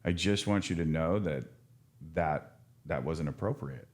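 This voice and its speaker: Earnest low-voiced male counselor. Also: unhurried. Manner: earnest, frank, with many restarts and casual swearing. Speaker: addiction counselor. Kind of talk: casual podcast conversation.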